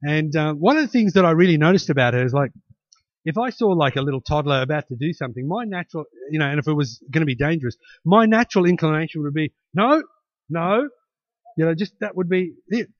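A man delivers a sermon in a slightly higher voice than most men, talking to the congregation as if chatting and often tossing in "hey?" to check they follow. The recording sounds dull and lo-fi, with a dry, close sound and no room echo. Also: expressive, fast. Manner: conversational, with frequent "hey?" tags and restarts. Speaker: pastor.

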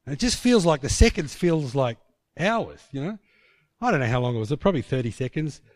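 A man's voice: a little high, very animated, fairly quick, no echo, clean studio sound. A man preaching a sermon, telling a personal story in vivid scenes, often restarting his sentences.

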